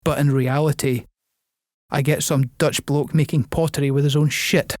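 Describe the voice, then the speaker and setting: A man's voice: fairly high pitch, steady tone, normal speed, darkish tone, no room sound, studio quality. A Scottish man co-hosting a podcast, bantering crudely and laughing often. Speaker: podcast co-host. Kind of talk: casual comedic chat.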